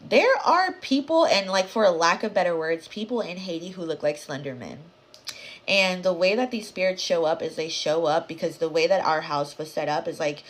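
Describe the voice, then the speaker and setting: A woman telling a spooky story time in a casual, dramatic way, swearing, talking straight to her viewers and dropping into hushed whispers for suspense. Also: sits low. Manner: dramatic, animated, swears and addresses viewers directly.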